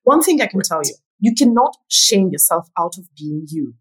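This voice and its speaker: A woman's voice: on the low side, very animated, moderate pace, breathy edge, poor audio. A woman author and speaker, a guest on a podcast, explaining her ideas thoughtfully with some "uh" fillers. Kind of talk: interview conversation.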